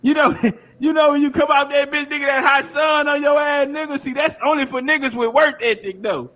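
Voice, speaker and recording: Loud profane high-voiced man reacting. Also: steady tone, a little fast. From South Carolina. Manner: loud, profane, rambling, laughing often. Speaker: streamer reacting to a clip. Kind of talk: casual reaction commentary.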